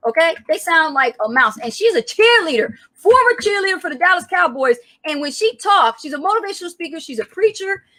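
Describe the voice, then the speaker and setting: Woman, live-stream coach, high voice, bright and forceful, projecting, motivational. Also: brisk, hardly any pauses. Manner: energetic, motivational, addresses viewers warmly by name; projects from the diaphragm like a public speaker. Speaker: co-host of a live coaching show.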